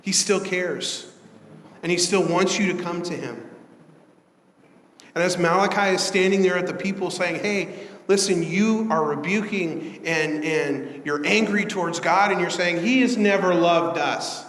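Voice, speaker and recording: A man's voice: high-pitched, a little slow, a bit bright. Earnest preaching man, echoey hall. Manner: earnest, conversational preaching with rising emphasis. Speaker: pastor. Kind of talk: sermon. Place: church sanctuary.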